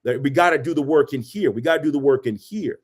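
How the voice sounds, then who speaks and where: A man co-hosting a casual advice podcast, speaking a little higher than most men. He preaches his points with emphatic repetition. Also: fast, a little mellow, breathy edge. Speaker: podcast co-host.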